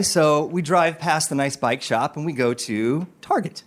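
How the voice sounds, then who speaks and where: A man's voice: a little high, moderate pace. A man telling a personal story about his son on a podcast, acting out the voices of the people in it. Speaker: guest storyteller.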